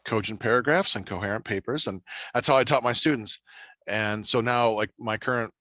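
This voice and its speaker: A middle-aged man, a podcast host and writer, talking in a casual, animated way with many restarts and fillers. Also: medium pitch, fairly quick, no room sound. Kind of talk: casual chat.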